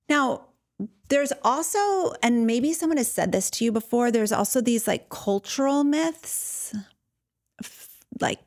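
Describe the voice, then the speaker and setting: Lady podcaster, middle-aged, earnest and candid, lots of likes and restarts, mid-pitched voice. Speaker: podcast host. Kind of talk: casual solo podcast talk.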